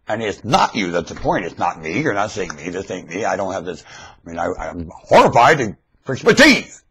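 A man in a rambling webcam monologue, veering between high shouts and low mutters, recorded on a webcam microphone at home. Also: wildly swooping pitch, a little slow, long pauses, slightly rough. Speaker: vlogger.

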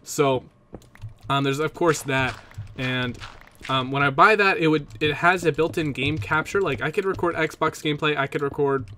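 A man's voice: a little high, normal speed, sharp tone, a little hiss or hum. A young man chatting casually to his viewers about computer gear, rambling and interrupting himself as he goes. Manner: rambling, self-interrupting, talks to viewers directly. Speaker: Minecraft let's play YouTuber. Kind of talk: casual vlog chat about PC hardware.

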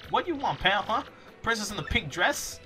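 A man voicing a gruff, suspicious town thug. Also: high-pitched, big pitch swings, moderate pace, over music, pitched above the performer's own voice. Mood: brusque. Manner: brusque, needling.

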